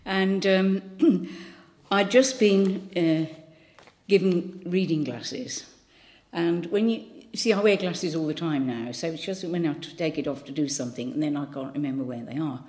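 An elderly woman in her eighties with a low, deep voice and a faint Birmingham accent. She tells chatty, rambling stories, full of ums and restarts. She is giving a thought for the day. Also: normal speed, darkish tone. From Birmingham, England. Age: 80s. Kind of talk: casual anecdotal talk.

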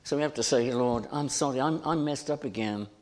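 A man preaching a sermon in an earnest, deliberate way, lifting his voice for emphasis. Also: medium pitch, darkish tone.

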